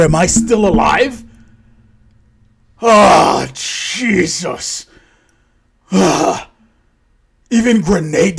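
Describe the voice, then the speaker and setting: A man's voice: a little high, a bit bright, slight background noise, natural voice. A man voicing a cursing, weary young soldier. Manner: cursing, exasperated. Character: young male soldier, reckless and weary of life.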